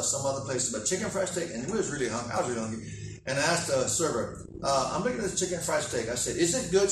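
A man's voice: mid-range voice, far from the mic, slight background noise. A man preaching, telling a folksy story full of quoted back-and-forth. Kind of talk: sermon storytelling. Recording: echoey room, from the mic.

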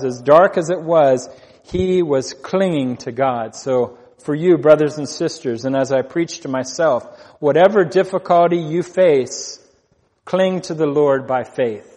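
Earnest preaching man, slightly high. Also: a little mellow, long reverb tail. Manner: earnest, repeats phrases for emphasis. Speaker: pastor. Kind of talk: sermon.

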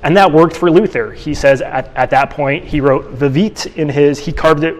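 A man's voice: a little high, moderate pace. Conversational male teacher in a reverberant hall. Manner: conversational, with frequent restarts and fillers. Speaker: church teacher. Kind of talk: casual teaching lecture.

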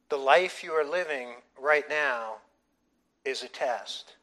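A middle-aged male pastor preaching a sermon, telling stories in an animated, emphatic way with frequent restarts. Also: on the high side, unhurried.

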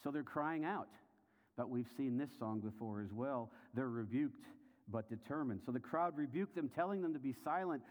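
A man delivers a sermon with a mid-range voice and tells the passage as a vivid story. He poses questions to the listeners, dropping to hushed, low passages and then building to intense, raised ones. The recording has a long hall reverb trailing behind his words. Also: normal speed. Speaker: preacher.

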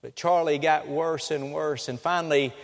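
A man preaching a sermon with dramatic storytelling, changing pace and loudness. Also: on the high side, steady tone, moderate pace, gravelly. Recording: long reverb of a hall.

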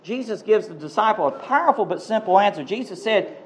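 A male pastor preaching a sermon, telling a story in a hushed voice and then building to emphatic questions and prayer. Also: sits high, expressive, brisk. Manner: emphatic, swings from hushed storytelling to rising exhortation.

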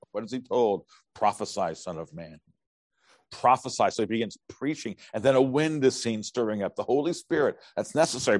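A middle-aged man preaching a sermon, animated and humorous, acting out biblical characters as he tells their stories. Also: lowish voice, no room sound. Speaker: pastor.

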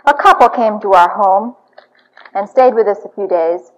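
A woman's voice: mid-range voice, normal speed. A woman speaking to an audience about marriage in an earnest, confessional storytelling manner. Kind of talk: teaching talk to an audience. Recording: dull lo-fi recording.

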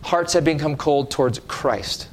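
A man preaching a sermon with slow, emphatic delivery, stressing key words and dropping his voice at line ends. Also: a little high.

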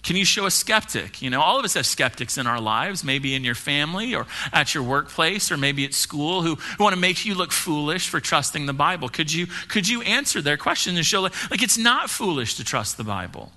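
A young man from the United States preaches at a live-streamed church service. His voice sits slightly high and has a sharp, very bright edge. He talks fast and keeps restarting and repeating words as he pushes ahead. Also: very animated. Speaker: pastor. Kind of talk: sermon.

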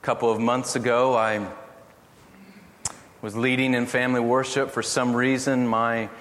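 A middle-aged man preaching a sermon, telling family stories in an earnest, gently humorous way. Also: medium pitch, level tone, unhurried. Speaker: pastor. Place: church hall. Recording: echoey hall from far off, faint noise.

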